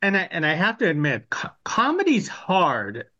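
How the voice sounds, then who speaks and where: An interviewer asking questions in a halting way, restarting sentences. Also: medium pitch, wildly swooping pitch, sharp tone, muffled recording.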